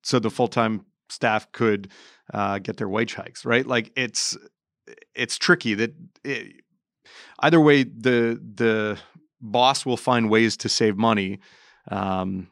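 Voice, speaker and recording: A man talking politics on a casual podcast panel, thinking aloud with halting restarts. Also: lowish voice, fairly even intonation, fairly bright tone, dry recording, studio quality.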